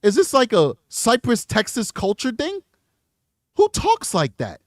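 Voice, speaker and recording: Animated slangy male commentary host. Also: high-pitched, moderate pace, no room sound, clean studio sound. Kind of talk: reactive live commentary.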